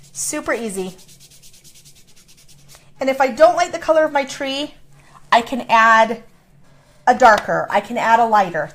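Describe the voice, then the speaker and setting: A middle-aged woman demonstrating a craft in a chatty, playful way, explaining each step. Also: on the high side. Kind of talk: casual craft tutorial.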